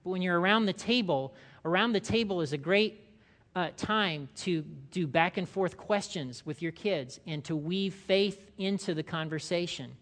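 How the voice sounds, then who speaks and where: A man giving a sermon in a chatty, lively way. He checks in with his listeners and reads scripture aloud, speeding up and slowing down to press his points. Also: high voice, long reverb tail. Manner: conversational, asks the room questions, reads scripture aloud. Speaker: pastor.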